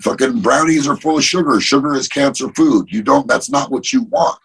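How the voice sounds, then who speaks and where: A man, a guest in a casual interview, telling animated stories and swearing freely. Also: medium pitch, normal speed, breathy edge, poor audio. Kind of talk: casual chat.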